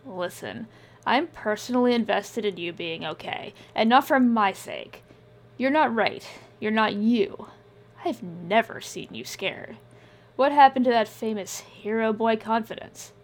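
A woman doing a dry, gruff young man. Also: a little high, measured pace. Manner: dry, tired, swearing.

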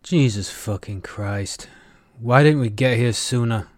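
A man voicing a confident, possessive young man with a velvety, growling baritone that teases and commands. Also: measured pace, no echo, natural voice. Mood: urgent. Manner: teasing, intense, commanding.

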